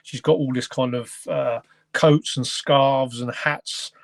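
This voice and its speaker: A man's voice: mid-range voice, steady tone, slow, vocal fry, no room sound. A man hosting a casual film review chat. He rambles and often stops to search for words. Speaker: podcast host.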